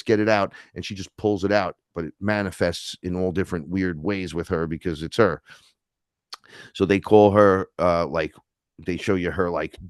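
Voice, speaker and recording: A man's voice: low voice, clear, resonant tone, no echo, clean studio sound. A man, a podcast guest telling stories in casual chat and acting out the voices he quotes. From New York City. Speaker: podcast guest, neo-shaman.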